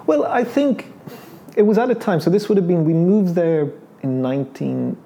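A man's voice: high voice, normal speed, vocal fry, dark tone. A middle-aged Irish man, his accent carrying an English lilt, talking casually about his life in an interview, hesitant and full of restarts. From Ireland. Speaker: painter being interviewed.

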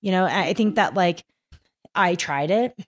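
A woman from East Texas, a climbing guide, telling stories as a podcast guest with lots of laughter in a rambling, animated way. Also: fairly low pitch, normal speed. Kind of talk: casual podcast chat. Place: recorded in a mountain town in Colorado.

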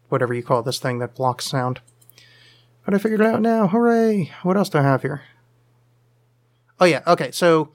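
A man's voice: fairly high pitch, fairly bright tone. A man hosting a casual solo live podcast, answering listener questions in a rambling, self-deprecating, jokey way with lots of fillers. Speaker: podcast host. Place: home studio, leaning over to check screen.

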